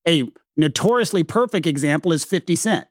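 A man from the American South with a Southern accent, co-hosting a casual legal discussion, animated and emphatic. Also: on the high side, a little fast, no echo, clean studio sound. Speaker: legal commentator co-host.

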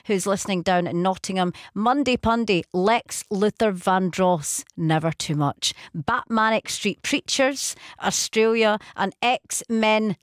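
A woman's voice: medium pitch, takes it slowly, hardly any pauses, no room sound. A woman presenting a late-night radio show, chatting and reading out listener messages in a studio. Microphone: studio microphone.

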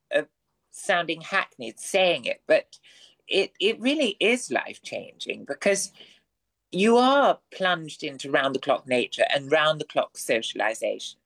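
A man guesting on a radio show who talks in ornate, theatrical language. His phrasing is elaborate and full of rare words. He moves up and down in pitch as he speaks. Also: sing-song, measured pace, fairly bright tone. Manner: florid, wordy and theatrical. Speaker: guest performer. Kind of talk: radio interview.

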